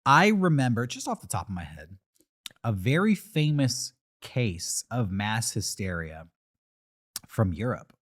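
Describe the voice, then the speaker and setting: A man's voice: lowish voice, a little slow. A man co-hosting a podcast in casual chat, teasing his partner and telling stories. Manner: animated, teasing, storytelling. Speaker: podcast co-host.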